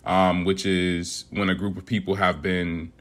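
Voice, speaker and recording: Man, very low voice, rapper guest, earnest and measured, laughs easily. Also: level tone. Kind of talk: interview answers.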